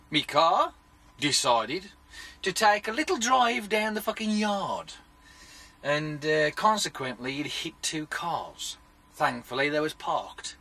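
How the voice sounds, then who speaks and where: A man rants straight to his viewers in a casual vlog. His voice is husky, bright and pitched a little high, and the story comes out animated and full of swearing. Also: a little slow. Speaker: vlogger.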